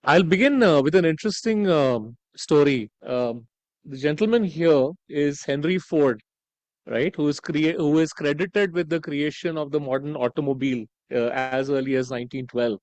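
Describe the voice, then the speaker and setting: A man's voice: on the high side, normal speed, a little mellow, dry recording, rough recording. A man giving a conference keynote, conversational, with frequent "right?" tags and "uh" fillers. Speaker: conference speaker. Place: conference hall.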